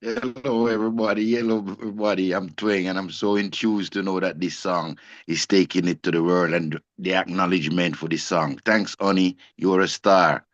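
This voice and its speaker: A man's voice: low-pitched, steady tone, normal speed, no echo, lo-fi sound. A man eagerly greeting the group over a video call.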